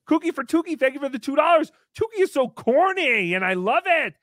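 A man hosting a comedic livestream, thanking members in a goofy, animated manner. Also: very high voice, a little fast, dry recording, clean studio sound. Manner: goofy, animated, swinging between squeals and mumbles. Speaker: livestream host. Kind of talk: comedic live-stream chat.

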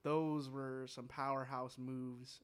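A man's voice: mid-range voice, level tone, slow, clean tone. A man co-hosting a casual movie chat, sharing film history with many ums and uhs. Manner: informative, lists films with fillers. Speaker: podcast co-host.

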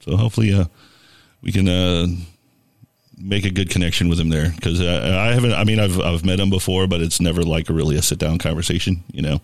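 A man's voice: deep voice, steady tone, a little fast, no room sound. A young man hosting a radio show, chatting casually with lots of fillers and restarts. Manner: rambling, filler-heavy, laughs often.

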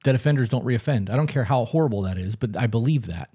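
Blunt, mellow-voiced man on a podcast. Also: mid-range voice, expressive, quick pace, breathy edge. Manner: blunt, profane and emphatic. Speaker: podcast co-host. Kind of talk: casual podcast conversation.

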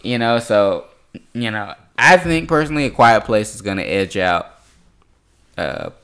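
A man's voice: lowish voice, very animated, a little slow, a bit bright, clean tone. A young man hosting a podcast in casual, rambling chat, laughing often. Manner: loose, rambling, laughs a lot. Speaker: podcast host.

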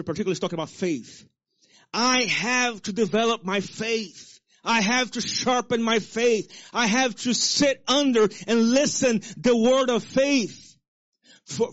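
A male pastor preaching a sermon with call-and-response to the congregation, swinging between loud exhortation and soft low asides. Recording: dull lo-fi sermon recording.

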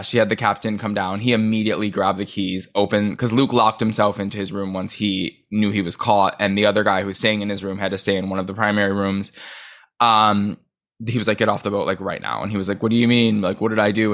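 Man, low pitch, casual podcast chat, quick gossipy recapping. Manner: fast, animated recapping with filler words. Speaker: podcast co-host.

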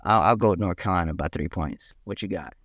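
A man's voice: deep voice, fast, a bit bright, no echo. A man co-hosting a sports podcast in casual chat, emphatic and given to repeating his points, with frequent restarts. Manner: emphatic, repeats key words, restarts often. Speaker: podcast co-host.

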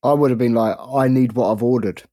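A man's voice: mid-range voice, steady tone, a little fast, mellow. A man chatting casually on a podcast, reacting to his co-host's story with jokes. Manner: jokey backchannel reactions. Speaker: podcast co-host.

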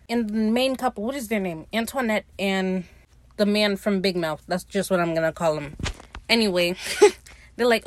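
A woman's voice: mid-range voice, dry recording. Profane, chatty woman recapping a show. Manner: chatty, profane, acts out characters' lines in quick quotes. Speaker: podcast host. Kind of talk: casual TV episode recap.

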